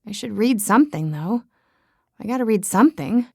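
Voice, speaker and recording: A woman's voice: medium pitch, lively intonation, moderate pace, vocal fry, darkish tone, husky, no echo, clean studio sound. A woman narrating a romance audiobook in the first person, chatty and self-mocking.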